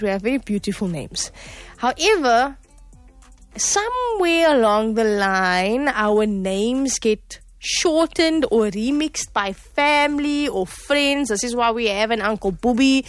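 A woman's voice: fairly high pitch, lively intonation, measured pace, dry recording. A South African woman hosting a radio show in a studio, cheerful and chatty, laughing now and then. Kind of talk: casual radio chat.

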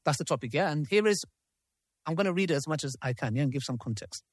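The host of a debate panel leads a live discussion, reading messages aloud and breaking off for asides and checks with the room. His voice is a little high and fast, with lively intonation that rises and falls a great deal. The sound is close and dry, with little room echo.

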